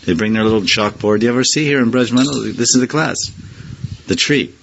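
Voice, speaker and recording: A man's voice: mid-range voice, a little fast, gravelly, a little hiss or hum. A man teaching a scripture class in a loose, conversational way, firing rhetorical questions at his listeners and chuckling now and then. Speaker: spiritual teacher.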